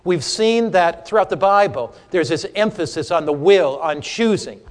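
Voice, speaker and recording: High-voiced man preaching to a crowd. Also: normal speed, long reverb tail. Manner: animated, humorous, quizzes the audience. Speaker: preacher teaching a seminar. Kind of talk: interactive sermon lesson with audience. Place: church or hall before a live audience.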